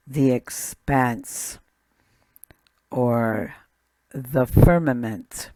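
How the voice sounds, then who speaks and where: Woman, language teacher, deliberate, dry close sound, deep voice. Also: lively intonation, warm tone, no room sound. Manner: slow, deliberate, repeats each word. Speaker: Hebrew teacher. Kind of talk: slow recorded lesson.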